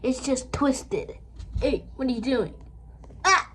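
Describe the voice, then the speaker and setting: A woman's voice: high-pitched, unhurried, darkish tone, slight background noise. A woman playing with paper cats, talking to them and answering in their voices in a playful, bickering way. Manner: playful, switches between bickering cat characters. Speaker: channel creator. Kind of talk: playful paper-cat role-play.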